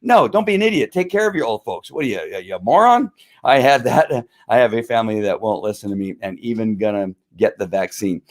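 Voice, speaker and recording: A man's voice: on the low side, animated, brisk. A man hosting his own live video stream, talking in a heated, frustrated, rambling way with many fillers. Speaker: livestream host. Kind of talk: casual livestream rant.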